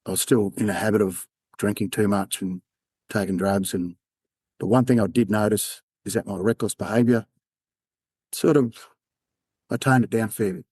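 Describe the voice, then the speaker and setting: Brief: Australian man as a podcast guest, low-pitched, halting candid storytelling, dry close mic. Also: fairly even intonation, darkish tone, husky, no room sound. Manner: candid, halting, acts out quoted dialogue. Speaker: podcast guest, former undercover police officer. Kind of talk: personal storytelling in an interview.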